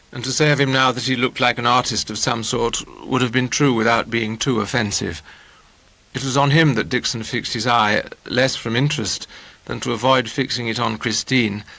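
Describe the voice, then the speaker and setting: A man narrating a novel in a measured, wry storytelling manner. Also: mid-range voice, creaky, bright, forceful tone, poor audio. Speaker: audiobook narrator.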